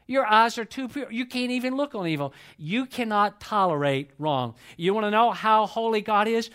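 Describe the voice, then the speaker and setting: A man preaching a sermon at a church service, building through repeated phrases, then dropping to a hush. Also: sits high, animated, normal speed, few pauses, clean tone. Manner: impassioned, repetitive preaching with sudden swells and hushed drops. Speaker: pastor.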